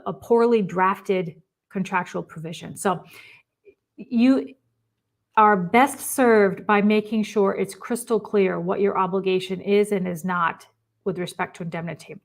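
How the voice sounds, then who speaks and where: A woman giving a webinar presentation, explaining contract terms in an emphatic, practical way. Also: medium pitch. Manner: explanatory, emphatic, acts out client quotes. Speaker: risk management presenter.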